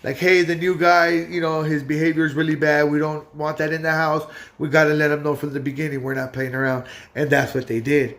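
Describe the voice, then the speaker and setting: Loud young man, gravelly street slang. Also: on the high side, level tone, fairly quick. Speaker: vlogger telling his story. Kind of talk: casual storytelling.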